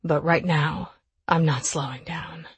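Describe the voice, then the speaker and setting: A woman voicing a forceful, lustful grown man who speaks in a low growl. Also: fairly even intonation, unhurried, slightly rough, no echo, heavily acted.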